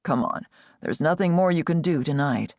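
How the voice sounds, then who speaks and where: A woman voicing a calm, steady young Amish man who speaks in a lowered, reassuring voice. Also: normal speed, dry recording, studio quality.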